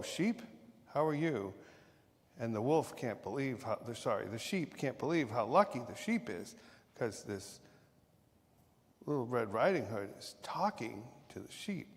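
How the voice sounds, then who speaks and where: A male minister telling a playful story in a sermon, often correcting himself along the way. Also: mid-range voice. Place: church sanctuary. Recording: long reverb of a church hall.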